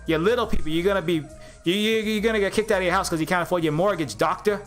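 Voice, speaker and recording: A man's voice: high-pitched, very fast, soft background music, natural voice. A man voicing a menacing male mob boss in a put-on New York accent, threatening and pushy. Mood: bullying. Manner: threatening, repeats "okay?" and "forget about it".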